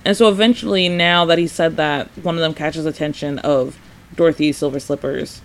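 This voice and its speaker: A man with a high voice hosts a casual solo podcast, talking through a retrospective. He is chatty and animated, with plenty of "like", quick laughs and acted-out lines. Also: creaky. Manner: chatty, says "like" often, laughs a lot; animated, acts out characters' lines. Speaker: podcast host.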